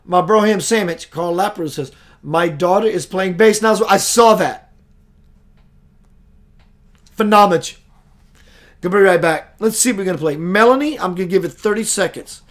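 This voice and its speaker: A middle-aged man hosting a spiritual live show, telling stories in a lively way, acting out the voices he quotes, and greeting viewers by name. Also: high voice, normal speed, long pauses. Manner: animated storyteller, acts out quoted voices, reads out viewer names. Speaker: spiritual talk show host. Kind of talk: casual live-stream monologue.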